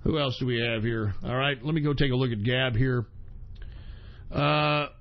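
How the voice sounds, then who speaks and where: A man hosts a casual talk radio show, answering listener questions in a profane rant with sudden shouted bursts. He speaks at a moderate pace and medium pitch, and the recording sounds muffled.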